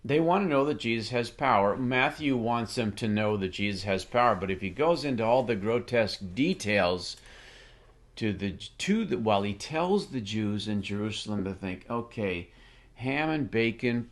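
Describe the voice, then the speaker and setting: A middle-aged man hosting a casual Bible teaching show, animated and jokey, with quick asides and restarts. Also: medium pitch.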